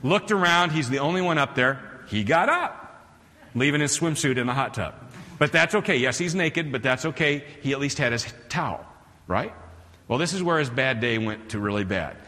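Animated preacher man in a church. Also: medium pitch, normal speed, in a large hall. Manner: animated, chuckling storyteller. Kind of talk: sermon with humorous storytelling.

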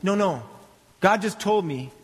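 A man's voice: high voice, expressive, unhurried, big-room sound, slight background noise, pitched above the performer's own voice. A man preaching, voicing Moses as a firm leader warning his people.

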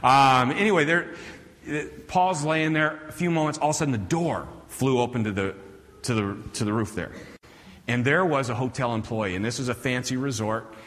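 A male preacher giving a sermon, telling a funny story in an animated, chuckling way before reading scripture and praying. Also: mid-range voice, normal speed, big-room sound.

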